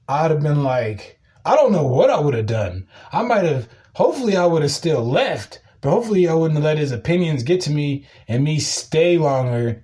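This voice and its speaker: A man hosting a podcast, telling a casual story in a profane, animated way and breaking into loud shouting. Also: fairly high pitch. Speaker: podcast host.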